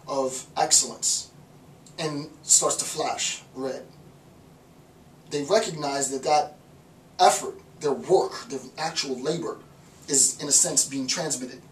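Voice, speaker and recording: A man gives an informal philosophy lecture in an animated way. He repeats words and drops into little voices to act out his points. His slightly high voice carries a roomy echo from a mic set well back. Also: distant mic, a little hiss or hum.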